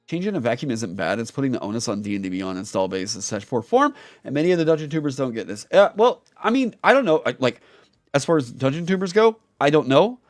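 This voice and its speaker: A man's voice: mid-range voice, very animated, fast, no echo, studio quality, soft background music. A man on his own channel delivering an angry commentary rant, heated, profane and emphatic. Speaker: YouTuber and streamer.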